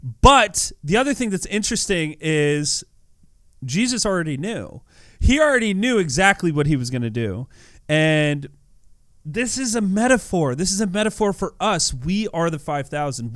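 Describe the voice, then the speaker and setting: Over gameplay footage, a male YouTuber offers relaxed yet sincere devotional remarks, speaking a little slowly. His pitch sits somewhat high for a man, he tends to repeat words as he animatedly talks, and there's no echo or room sound at all.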